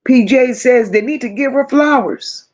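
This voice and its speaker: Female live-stream host, unhurried, repeats her points, addresses chat by name. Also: a little high. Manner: emphatic, repeats phrases, chats to viewers by name. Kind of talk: casual live-stream commentary.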